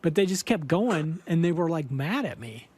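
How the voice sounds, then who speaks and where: A man's voice: fairly high pitch, moderate pace, no echo. A man who hosts a podcast and sings in a band, telling a story casually and acting out the quotes with lots of fillers. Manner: animated, acts out quotes, many fillers. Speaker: podcast host and band singer.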